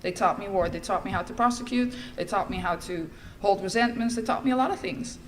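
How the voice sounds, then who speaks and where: A woman's voice: mid-range voice, brisk, a little hiss or hum. A middle-aged woman from the Netherlands, giving a candid, wry personal testimony as a speaker at a recovery meeting.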